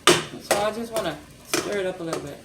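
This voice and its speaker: A woman's voice: medium pitch, fairly quick. An older woman hosting a casual cooking demonstration, chatting and rambling to her viewers as she works in her home kitchen. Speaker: cooking vlog host. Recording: noisy kitchen with clattering pans.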